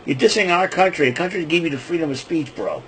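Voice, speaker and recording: A man's voice: a little high, expressive, fast, a bit bright, slight background noise, rough recording. A man hosting a podcast, casually retelling wrestling events in a loose, rambling way with lots of fillers and restarts. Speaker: podcast host.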